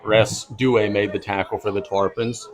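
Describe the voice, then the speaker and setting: A man calling play-by-play for a high school football game, brisk and easygoing, chuckling now and then. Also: little pitch movement, poor audio. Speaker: play-by-play announcer.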